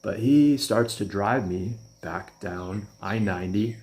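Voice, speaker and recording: Man, low voice, casual storyteller, rambling, chuckling. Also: slow, a little mellow. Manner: rambling, chuckling, restarts often.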